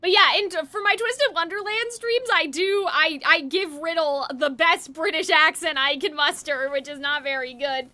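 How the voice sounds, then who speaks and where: Young woman game streamer, chatty and rambling, very high bright voice. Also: normal speed, few pauses. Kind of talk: casual game commentary. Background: faint game music.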